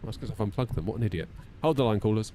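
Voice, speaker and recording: A man's voice: fairly low pitch, animated, very fast, mellow, slight background noise. A man, chatting and joking with viewers while running through checklists on a live stream from a home setup. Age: 30s. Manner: chatty, jokey banter with viewers, self-mocking. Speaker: flight sim streamer. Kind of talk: live-stream chat while flying a simulator. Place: home simulator room.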